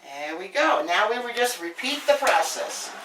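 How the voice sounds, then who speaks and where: A woman's voice: mid-range voice, very animated, normal speed, noisy background. A woman with a New York accent, from Brooklyn, talking through a home cooking demonstration in a chatty, brash storytelling way. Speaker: home cook host. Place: home kitchen, indoors. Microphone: camera mic filmed from across the kitchen. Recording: echoey kitchen, distant camera mic.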